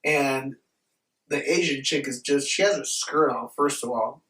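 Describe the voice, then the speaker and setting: Far from the mic in an echoey room, a young podcast host with a medium-pitched voice speaks a little slowly as he tells a rowdy, profane story, animatedly quoting and imitating the people involved.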